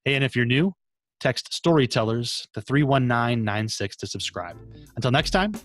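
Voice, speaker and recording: A man's voice: mid-range voice, expressive, normal speed, fairly bright tone, soft background music. A man hosting a podcast, thanking his guest and giving a friendly sign-off. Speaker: podcast host. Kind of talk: podcast interview and outro.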